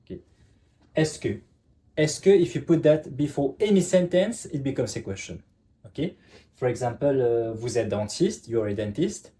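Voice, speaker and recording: A man's voice: medium pitch, expressive, normal speed, mellow. A man teaching a French lesson in English, explaining step by step and checking in with "okay?" all the time. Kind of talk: online language lesson.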